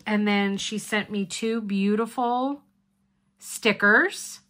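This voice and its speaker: A woman hosts a casual craft unboxing vlog in a slow, unhurried way. She gushes over each item and chats warmly with her viewers. Her voice sits at a middle pitch. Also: steady tone. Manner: gushing, chatty, addresses viewers as guys. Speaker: craft channel host.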